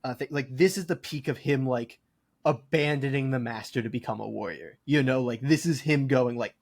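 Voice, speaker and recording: A man's voice: medium pitch, moderate pace, a little mellow. A man co-hosting a podcast in casual chat, enthusiastic and full of "like" fillers. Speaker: podcast co-host.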